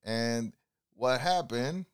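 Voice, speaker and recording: A man's voice: medium pitch, expressive, very slow, clear, resonant tone. A man telling stories from his driving and handing out life advice in a casual, preachy way. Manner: preachy, laid-back, many "you know"s. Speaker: driver telling passenger stories.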